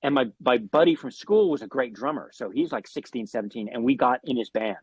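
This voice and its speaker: A man, a guest musician, telling animated anecdotes in an interview, swearing often and restarting his sentences. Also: mid-range voice, brisk, husky, no room sound. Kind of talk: storytelling in an interview.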